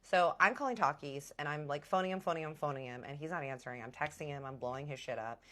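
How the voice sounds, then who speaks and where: A woman telling a personal story in a vlog, animated and dramatic, with big emotional swings. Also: sits low, fast. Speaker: vlogger.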